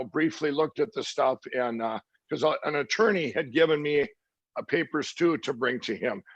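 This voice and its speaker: A middle-aged man with a gravelly, raised voice tells a story in an interview. He stumbles, restarts and fills pauses as he recounts what others said. The sound is dry and somewhat muffled. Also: a little high, no echo. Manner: halting, many restarts and fillers, quoting others. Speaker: interview guest.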